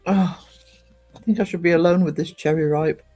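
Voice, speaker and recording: A woman's voice: lowish voice, fairly even intonation, normal speed, warm tone, soft background music. A woman from northeast England chatting on a casual livestream, reading out viewer comments and rambling with lots of ums and restarts. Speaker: live streamer.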